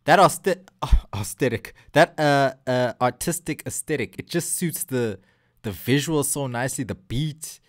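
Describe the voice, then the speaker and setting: A young man, hosting a casual music video reaction and talking straight to his viewers in a loose, excitable way. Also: mid-range voice, normal speed. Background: faint hip hop from the video.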